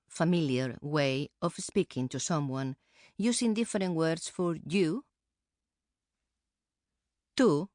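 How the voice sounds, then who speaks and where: A woman co-presenting a pronunciation course with calm, careful explanation, recorded close on a studio mic. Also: sits low, dry recording. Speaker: Spanish co-presenter. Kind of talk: scripted instructional narration.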